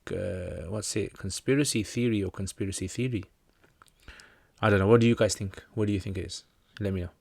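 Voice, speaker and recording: A man's voice: low voice, steady tone, fast talker, gravelly, hardly any pauses, a little mellow, breathy edge, no room sound, studio quality. A man with a British accent who teaches Islam, casually answering viewer questions on a livestream in a chatty, joking way with many fillers.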